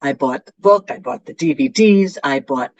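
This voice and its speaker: A middle-aged woman, a guest author, tells a personal story in an animated way, acting out the voices of the people in it. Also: rumbling low, moderate pace. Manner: animated, acts out quoted voices. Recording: muffled, lo-fi sound.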